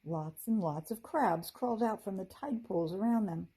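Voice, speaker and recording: A woman teacher reading a children's chapter book aloud in a gentle, expressive storytelling manner. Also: mid-range voice, normal speed, husky, low-quality recording.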